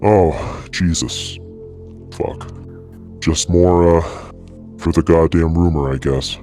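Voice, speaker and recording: A gruff werewolf man , as a player puts him on, talks in a very deep, low voice, curt and swearing freely. Soft music plays underneath. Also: steady tone, takes it slowly. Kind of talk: in-character tabletop role-play.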